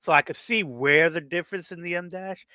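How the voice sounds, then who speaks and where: A man's voice: high-pitched, a little fast, sharp tone, clean tone, no echo, lo-fi sound. A man who letters comics, chatting casually and explaining his work at length. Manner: explains at length, acts out editors' requests. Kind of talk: casual podcast chat.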